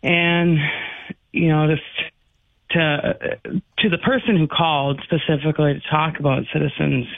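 A man on a call-in radio show gives earnest advice in a somewhat high, gravelly voice. The sound is dry and squeezed through a phone line. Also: steady tone, measured pace, no echo. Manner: earnest, advising. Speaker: caller.

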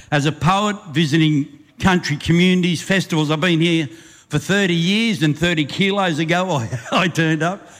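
An older Australian man, a bush poet and compere, reciting a rhyming yarn with a lively rhythm and chuckles before chatting to a live audience. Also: a little high. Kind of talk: recited rhyming bush poem, then stage banter. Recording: live stage recording with long reverb.

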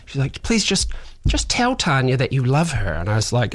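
A man, a guest in a radio studio, telling stories in an animated way, acting out what people said. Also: mid-range voice, a little fast, a loud crowd. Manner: animated storyteller, acts out quotes, laughs often. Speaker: actor and writer guest. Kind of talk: casual chat.

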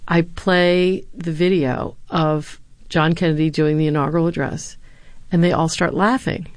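A woman's voice: deep voice, steady tone, unhurried, a little mellow, dry recording. A woman, a former speechwriter and university lecturer, answering interview questions with earnest anecdotes and the odd filler.

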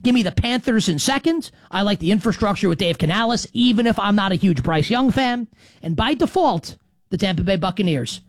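A man in his thirties hosting a sports predictions show, brash and joking, with emphatic pauses. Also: high-pitched, expressive, no echo. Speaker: sports podcast host.

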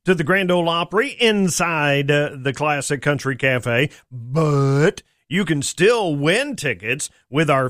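Male country DJ, drawl, folksy and wisecracking, bouncy high delivery. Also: expressive, takes it slowly, hardly any pauses, a bit bright, dry recording, clean studio sound. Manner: folksy, joking. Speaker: radio host. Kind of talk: country radio DJ chat. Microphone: studio microphone.

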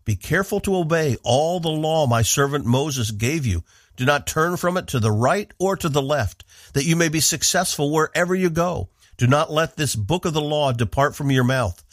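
Guy from the northeast doing a radio bible devotional, steady and earnest, dead dry close mic. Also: fairly high pitch, no echo. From northeastern United States. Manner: measured, earnest, stresses key words. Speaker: radio Bible teacher and host. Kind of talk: scripted devotional teaching.

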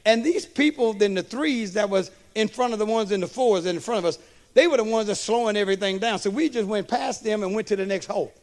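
A man preaching a sermon as a pastor, slow and emphatic, tossing in "amen" and questions to the congregation. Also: very high-pitched. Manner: preaching with call-and-response asides; slow, emphatic delivery with storytelling.

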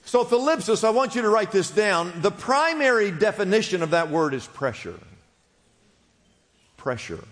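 A man's voice: high voice, very animated, moderate pace, fairly bright tone, long reverb tail. A man preaching a sermon to a congregation, explaining a word and asking the people to repeat it after him. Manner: teaching, asks congregation to repeat words. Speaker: pastor.

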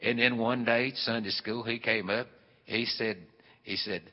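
A man's voice: on the low side, flat delivery, moderate pace, a little hiss or hum. Folksy man telling a story. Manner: folksy and meandering, with many fillers. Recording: dull, hall-echoed live recording.

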